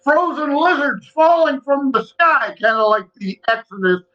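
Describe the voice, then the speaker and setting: A man talking as a podcast guest in casual chat, folksy and quick to laugh. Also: very high voice, lively intonation, muffled recording.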